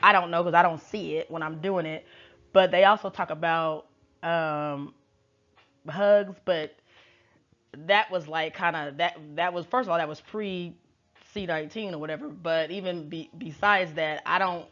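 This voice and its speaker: A woman's voice: fairly low pitch, normal speed, a bit bright. A woman tarot reader recapping in a chatty, slangy and wry casual way. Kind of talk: casual chat. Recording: dull lo-fi recording.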